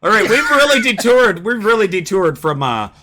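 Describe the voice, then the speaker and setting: A man hosting a casual online group chat, animated and laughing as he leads the talk. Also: high-pitched, moderate pace, slight background noise. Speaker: stream host.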